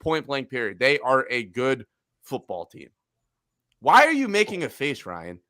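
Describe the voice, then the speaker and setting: A man's voice: medium pitch, wildly swooping pitch, a little slow, sharp tone, no echo, clean studio sound. A brash man hosting a casual football betting chat, swearing and trash-talking teams. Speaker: sports betting podcast host.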